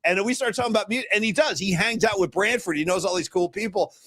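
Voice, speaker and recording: A man in his fifties hosting a sports talk podcast, telling stories in a casual, animated way. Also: sits high, fast, no echo, clean studio sound. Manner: animated storyteller, mimics guests. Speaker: podcast host.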